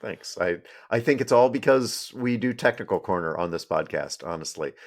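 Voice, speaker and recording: A man's voice: low-pitched, expressive, moderate pace. A man co-hosting a podcast, chatting casually and joking, trailing off with fillers. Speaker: podcast co-host. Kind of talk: casual chat.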